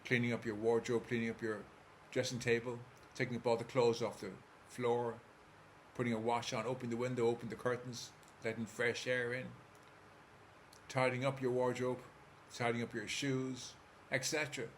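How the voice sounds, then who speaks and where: An Irish man, a therapist, calmly guiding the listener step by step through a visualization. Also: medium pitch, normal speed, a little hiss or hum. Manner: calm, steady, coaching listener step by step. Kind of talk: guided visualization talk.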